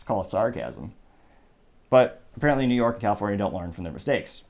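A man's voice: mid-range voice, wildly swooping pitch, fast talker, vocal fry, a little mellow. A man hosting a solo political commentary show, talking conversationally with sarcastic asides and frequent digressions. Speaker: host.

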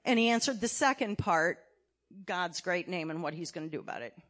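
A woman church elder preaching a sermon, emphatic, asking her congregation many questions and swinging between loud and quiet. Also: on the low side, expressive, a little fast. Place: church sanctuary.

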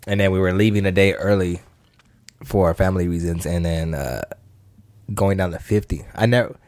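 A man's voice: low-pitched, moderate pace, darkish tone, no room sound. A man, co-hosting a podcast, telling a story in a slangy, rambling way, swearing and acting out voices. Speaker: podcast co-host. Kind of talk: casual chat.

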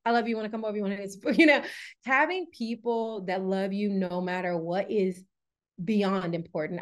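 Animated woman guest, candid and laughing. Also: medium pitch. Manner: animated, laughs often, acts out quoted voices. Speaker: podcast guest, wellness coach. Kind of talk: candid conversational storytelling.

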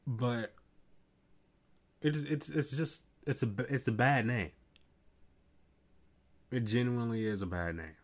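A man's voice: medium pitch, unhurried, long pauses. A man hosting a late-night solo podcast, ranting in an exasperated, profane way with many restarts, tired and yawning. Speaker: podcast host. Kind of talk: casual solo commentary.

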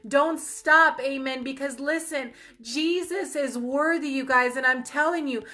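Young female ministry host, heartfelt testimony delivery, high bright voice. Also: moderate pace. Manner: earnest, emotional, addresses viewers as you guys. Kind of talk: personal testimony and encouragement.

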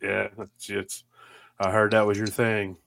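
A man's voice: on the low side, monotone, measured pace, vocal fry, fairly bright tone. A man hosting a casual chat, teasing his guests and laughing often. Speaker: podcast host.

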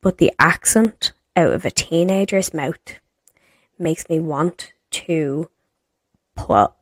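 A woman's voice: low voice, lively intonation, takes it slowly, slightly rough, dry recording. A woman in her thirties with an Irish accent, co-hosting a podcast and ranting in an exasperated, sweary way. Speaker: podcast co-host. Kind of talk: casual chat.

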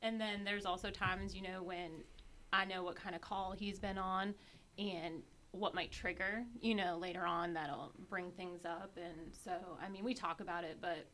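A woman with a bright, clear tone talks candidly about life married to a firefighter. She chats freely and often acts out bits of conversation from home. A faint hiss runs under the recording. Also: lowish voice, steady tone, moderate pace. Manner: candid, chatty, acts out little exchanges. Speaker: firefighter's spouse, podcast guest. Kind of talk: casual chat.

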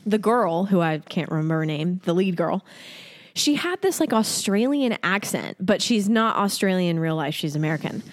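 A woman's voice: on the low side, expressive, moderate pace, big-room sound. A woman co-hosting a podcast in casual chat, talking in a chatty and opinionated way with plenty of fillers. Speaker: podcast co-host.

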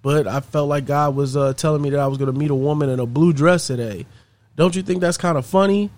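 A man's voice: on the high side, fast, darkish tone, no room sound, natural voice. A man voicing a friendly radio DJ in a lighter, raised, easygoing voice. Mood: coaxing.

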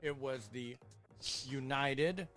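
A man's voice: medium pitch, slow, a bit bright, faint music behind. A man, explaining his opinions at length in a casual podcast chat. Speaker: podcast co-host.

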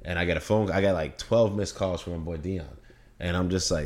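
A man's voice: deep voice, steady tone, quick pace, darkish tone. A young man, a podcast guest, telling a personal story in an open, reflective way during a casual conversation.

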